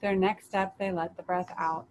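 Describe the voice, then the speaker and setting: A woman leading a children's story and meditation, reading aloud in a gentle, soothing way. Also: fairly low pitch, flat delivery, normal speed, slight background noise, rough recording.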